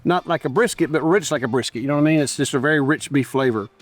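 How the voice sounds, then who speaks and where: A man's voice: on the high side, quick pace, soft background music. A middle-aged man hosting a barbecue cooking show outdoors at a grill, chatting enthusiastically and straight to his viewers as he tastes. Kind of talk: casual cooking and tasting commentary.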